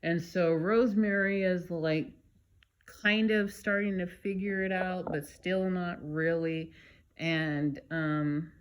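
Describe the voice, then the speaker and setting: Woman vlogger, unhurried casual recap, chatty and wry. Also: on the low side, clear, resonant tone. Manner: animated, chatty, with many fillers and side comments.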